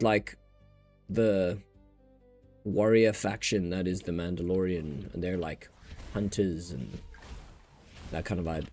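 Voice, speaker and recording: A man's voice: lowish voice, creaky, a little mellow. A man with a New Zealand accent hosting a casual gaming livestream, rambling and joking as he talks and laughs often.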